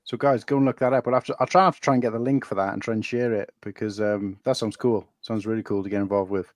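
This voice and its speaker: A man's voice: fairly low pitch, steady tone, fast, dry recording. Chatty enthusiastic man, dry sound. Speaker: co-host. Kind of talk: casual chat.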